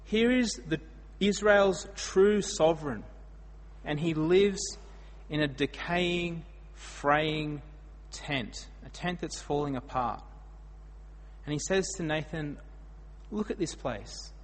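An Australian man delivers a storytelling sermon, his voice husky and set a little high. He swings between loud emphatic bursts and quiet asides. The sound rings out in a hall with a long echo. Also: slow pace. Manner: storytelling, dramatic swings in loudness. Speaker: preacher.

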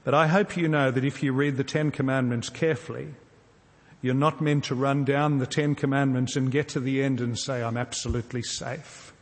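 A man preaching in an earnest, measured way, pausing on rhetorical questions. His voice sits at an ordinary middle pitch. The sound carries a long reverb, as in a large church hall. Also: steady tone. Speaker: pastor. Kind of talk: sermon.

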